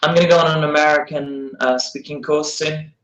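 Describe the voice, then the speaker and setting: A man's voice: fairly high pitch, fairly even intonation, a little fast, fairly bright tone. London man, musician guest, teasing, playful, roomy echo. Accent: London English. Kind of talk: casual interview chat.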